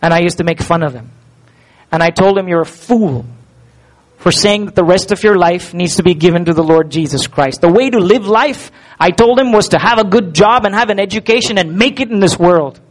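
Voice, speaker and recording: A man's voice: high-pitched, fairly quick, poor audio. A preacher voicing a remorseful old beggar man. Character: ragged old beggar man, full of regret.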